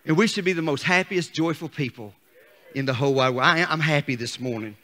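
An older man preaching a fervent sermon as pastor, calling on the congregation and rising to shouts. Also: fairly high pitch, brisk.

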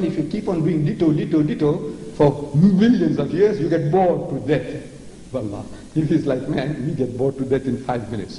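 A man's voice: a little high, dark tone. An older man from South Africa with a South African accent, giving a theatrical, mocking public lecture on religion and repeating words for effect. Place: large lecture hall. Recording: echoey hall with long reverb, faint noise.

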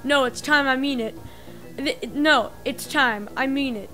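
A woman's voice: high voice, a little slow, sharp tone. A woman reading the lines of an old male mob boss from a video game, in a tough-guy drawl, over faint game music. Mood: firm.

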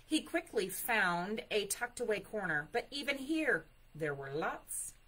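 Expressive woman reading a picture book. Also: medium pitch, rough recording. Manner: expressive, unhurried, adds chatty asides. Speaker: librarian. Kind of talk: reading a picture book aloud at story time.

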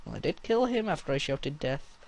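A young man commenting crudely on his own gameplay and shouting battle cries. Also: fairly high pitch, sing-song, a little fast, creaky, dry recording.

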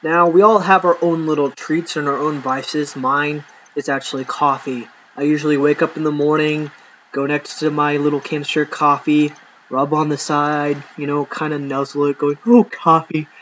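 A man's voice: a little high, a bit bright, a little hiss or hum, low-quality recording. A young man vlogging casually, telling jokes in a chatty, self-deprecating way. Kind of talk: casual joking monologue to camera.

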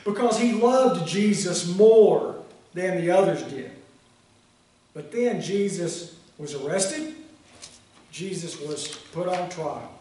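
A man preaching a sermon and reading scripture aloud as pastor, in a slow, measured way with pauses. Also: sits high, expressive, mellow. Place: church sanctuary. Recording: echoey sanctuary, mic set far off.

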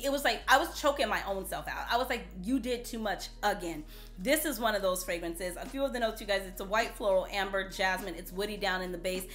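A woman vlogger chatting casually to camera about perfumes, animated and playful, repeating herself for emphasis. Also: mid-range voice. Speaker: beauty vlogger reviewing perfumes.

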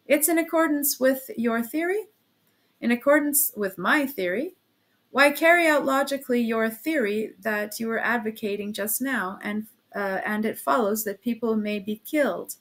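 A woman voicing a feverish young man, sick in bed, who speaks in a sharp, cutting, raised voice. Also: fairly high pitch, moderate pace, natural voice. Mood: furious.

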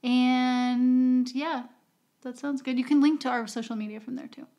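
Woman podcast co-host, high and chatty, laughs easily. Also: flat delivery, measured pace, mellow. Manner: chatty, laughs often, closes by singing a jingle. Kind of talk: casual chat.

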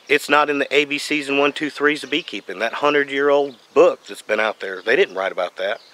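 A man giving a folksy, animated how-to explanation as a beekeeping vlogger, outdoors. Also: mid-range voice. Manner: folksy, animated, playful asides. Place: outdoors by a tree and truck.

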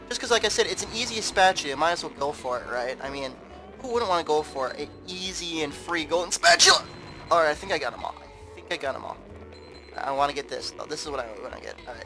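A man narrates his game playthrough in a casual, rambling way, repeating words as he goes. His voice sits a little high. Game music plays clearly behind him. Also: low-quality recording. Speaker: gameplay commentator. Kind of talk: casual let's play commentary.

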